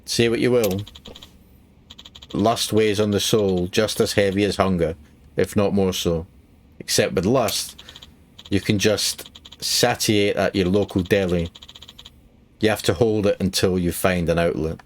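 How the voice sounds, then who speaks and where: A hardened, cynical club boss laying out his view of the world in a flat, matter-of-fact way. His voice sits a little low. A man with a Glaswegian accent reads the part aloud from a game. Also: unhurried, long pauses, a little hiss or hum. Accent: Glaswegian Scottish. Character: cynical male hostess-club boss reading his lines.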